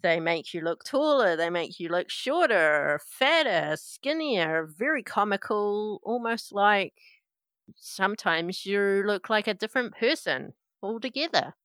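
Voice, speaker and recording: Bright, crisp woman narrating a game. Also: medium pitch, measured pace, no echo. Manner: lively, descriptive storytelling. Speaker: game master.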